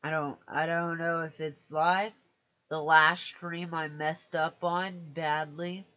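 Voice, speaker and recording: Man on a live stream, slow rambling talk, a bit high, self-deprecating, muffled lo-fi audio. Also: flat delivery, pushed and bright. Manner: hesitant and self-mocking, many restarts.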